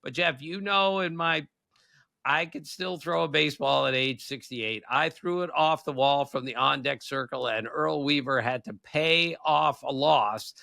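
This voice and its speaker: A man's voice: on the high side, measured pace, creaky, bright, forceful tone, no room sound. A man in his sixties, a podcast co-host, telling rambling baseball stories in casual chat and often breaking into laughs. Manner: rambling anecdotes with frequent laughs. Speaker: co-host, former baseball writer.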